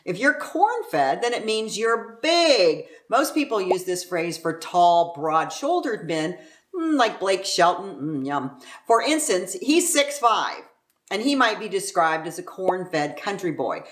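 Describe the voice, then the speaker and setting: A woman's voice: mid-range voice, sing-song, unhurried, reverberant. A woman from Southern California explaining local slang phrases in a playful manner, drawing out words for emphasis. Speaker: real estate agent teaching local slang. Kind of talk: casual explainer to camera.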